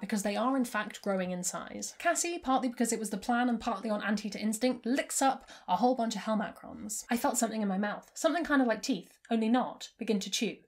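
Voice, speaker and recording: A woman hosting her own book channel, recapping a novel in a chatty, amused way. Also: mid-range voice. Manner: chatty, amused, laughs at the plot. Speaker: book review channel host. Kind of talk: casual book recap vlog.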